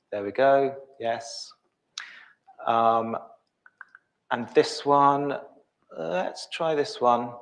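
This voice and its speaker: A middle-aged man presenting a live software demo, thinking aloud with many ums and restarts. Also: mid-range voice, drawn-out words, long pauses.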